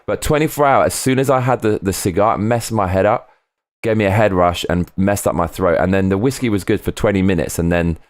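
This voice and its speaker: A man with a slightly low voice runs a casual live stream, talking loosely, drifting into tangents and reading viewer comments aloud. He swears freely and speaks briskly, and the audio is dry and close-miked.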